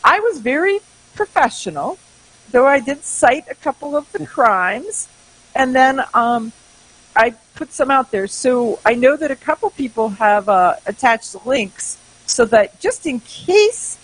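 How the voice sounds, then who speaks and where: A woman's voice: high-pitched, measured pace, husky, poor audio. A woman co-hosting a talk radio show, chatting casually and telling stories with open sarcasm. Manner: sarcastic, animated storytelling.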